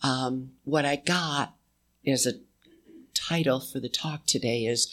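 Slow-paced folksy spiritual speaker, conversational, pauses to let ideas land. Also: mid-range voice, a bit bright. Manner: folksy, uses "y'all". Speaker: inspirational speaker. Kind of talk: spiritual talk to a live audience.

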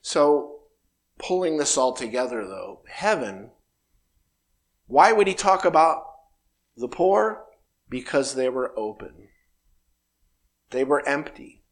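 A man's voice: mid-range voice, sing-song, slow pace, pauses often. Reflective man in his fifties. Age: 50s. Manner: meandering, reflective, acts out dialogue. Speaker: spiritual speaker. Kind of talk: reflective spiritual talk.

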